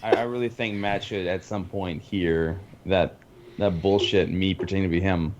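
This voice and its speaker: Aussie guy stumbling over words, lowish, hissy recording. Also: steady tone, moderate pace, highs cut off. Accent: Australian. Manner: stammering, laughing asides. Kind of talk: casual gaming chat. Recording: audible background hiss.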